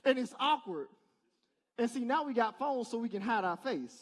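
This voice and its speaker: High-voiced pastor preaching casually. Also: male voice, lively intonation, moderate pace. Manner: casual, talks directly to the crowd with rhetorical questions. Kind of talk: conversational sermon. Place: church service.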